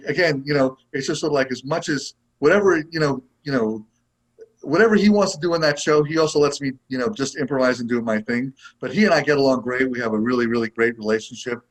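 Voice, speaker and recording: A man's voice: mid-range voice, quick pace, rough recording. A man who is a guest actor in a casual interview, talking in a rambling way full of fillers. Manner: rambling, lots of "like" and "you know".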